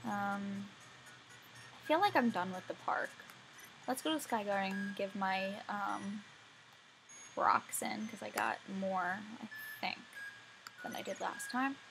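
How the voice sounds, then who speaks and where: A woman's voice: medium pitch, takes it slowly, creaky, pauses often, low-quality recording. A young woman casually commenting on her gameplay, talking to herself and yawning now and then. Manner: chatty, talks to herself while playing. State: sleepy, yawning. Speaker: let's play gamer. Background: faint game music.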